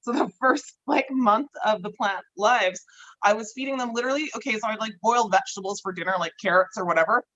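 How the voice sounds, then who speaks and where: A woman's voice: mid-range voice, fairly quick, fairly bright tone, a little hiss or hum. Casual woman podcast guest, chatty, laughs often, swears freely, dull lo-fi audio. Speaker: guest grower.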